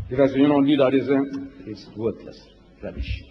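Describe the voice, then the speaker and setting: A man's voice: medium pitch, fairly even intonation, brisk. A man giving an impassioned debate lecture, retelling scripture with acted quotes and rhetorical questions, in an archival recording from a large hall. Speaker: debate speaker. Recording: dull, echoey hall with long reverb and faint noise, archival.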